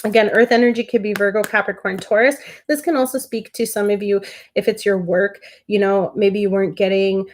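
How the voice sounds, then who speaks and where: A woman's voice: medium pitch, fairly even intonation, fairly quick, a little hiss or hum. A woman doing a live-stream tarot reading, talking straight to her viewers in an emotional, affectionate way. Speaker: tarot reader.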